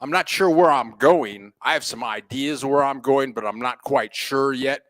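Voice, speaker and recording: A man hosting a casual live stream, greeting viewers by name with playful, folksy shout-outs. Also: mid-range voice, normal speed. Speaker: host of a live stream about living abroad. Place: home in a Mexican city.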